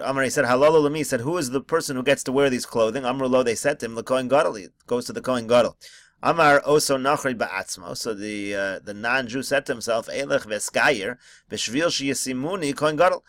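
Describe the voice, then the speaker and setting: A man's voice: mid-range voice, a bit bright, no room sound. A man teaching a text-study lesson, reading each phrase of the original and then translating it into plain English. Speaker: Talmud teacher. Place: home study screencast.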